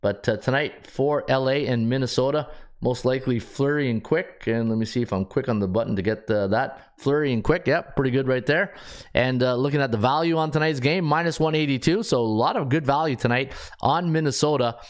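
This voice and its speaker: A man's voice: mid-range voice, brisk. A man hosting a sports betting podcast, thinking aloud as he checks stats, with frequent restarts and filler words. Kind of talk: casual solo analysis.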